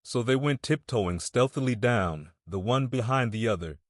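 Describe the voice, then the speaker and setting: A man narrating a classic novel in a measured, storytelling reading. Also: mid-range voice, lively intonation, no room sound, studio quality. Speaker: audiobook narrator. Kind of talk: scripted narration.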